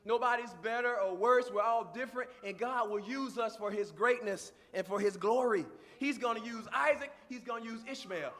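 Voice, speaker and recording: A man with a strikingly high voice preaches with fervor. He presses points again and again and lets his voice rise to full shouts as he drives a message home. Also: normal speed, few pauses, in a large hall. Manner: impassioned preaching that swells into shouts; repeats phrases for emphasis. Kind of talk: sermon.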